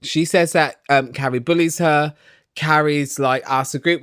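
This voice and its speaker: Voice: mid-range voice, steady tone, measured pace, a bit bright, clear, resonant tone, no echo, studio quality. A vlogger ranting casually and sarcastically through a reality TV recap, opinionated and swearing.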